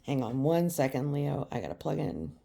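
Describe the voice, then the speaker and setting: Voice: mid-range voice, sing-song, normal speed, gravelly, dark tone. A tarot reader giving a reading straight to the viewer, emphatic and repetitive. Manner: emphatic and repetitive, speaking directly to the listener.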